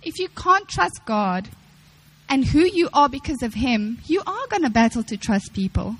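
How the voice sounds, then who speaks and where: Young woman preacher, high-pitched, earnest and repetitive, acts out quotes mid-sermon. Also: very animated, moderate pace, rough recording. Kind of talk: sermon to women.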